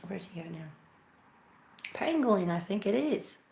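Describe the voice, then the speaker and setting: A woman hosting a laid-back livestream, talking in a chatty, self-mocking way and often muttering to herself. Her voice has a gravelly, fry-tinged edge. The sound carries a noticeable room echo. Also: mid-range voice, lively intonation, normal speed, a little hiss or hum. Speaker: livestream host. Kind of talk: casual live chat. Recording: echoey room.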